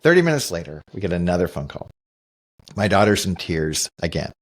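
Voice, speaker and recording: Earnest, low-voiced middle-aged man telling a story. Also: big pitch swings, fairly quick. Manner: earnest, thoughtful, with frequent restarts. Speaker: podcast co-host. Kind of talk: reflective storytelling in casual conversation.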